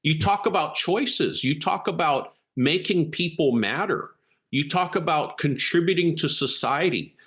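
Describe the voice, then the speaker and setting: A man's voice: a little high, expressive, a little slow, fairly bright tone, voice pushed up. A man voicing an effusive, grateful older woman fan who gushes breathlessly at a book signing. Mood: gushing. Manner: gushing, breathless, emphatic.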